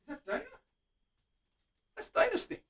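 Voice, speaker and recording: A man's voice: normal speed, fairly bright tone, far from the mic. A man hosting a guitar-building live stream, chatting casually with viewers by name while he works and hums to himself. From Australia. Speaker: luthier host.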